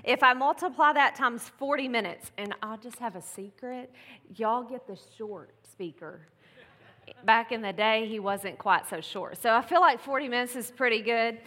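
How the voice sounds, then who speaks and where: A pastor's wife gives a casual, chatty Mother's Day message in a church sanctuary, dropping in laughing asides. Her voice is fairly high and a bit bright, at normal speed. Long church-hall reverb colors the recording.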